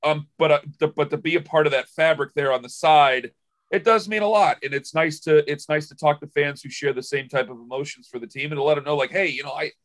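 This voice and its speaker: A man who hosts a sports radio show, telling stories in a casual podcast chat. His voice sits a little high, and he rambles emotionally, repeating and restarting words as he goes. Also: a little fast, a bit bright.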